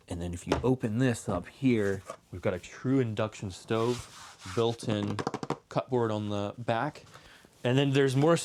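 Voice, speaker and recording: A young man presenting a casual, enthusiastic walkthrough tour of a motorhome, chatty and now and then dropping to a soft, low voice. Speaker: RV dealer presenter.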